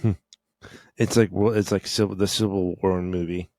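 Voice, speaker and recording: A man's voice: deep voice, fairly even intonation, normal speed, dark tone, dry recording. A man co-hosting a podcast, rambling and hesitant, often restarting his thoughts. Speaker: podcast co-host. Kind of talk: casual podcast chat.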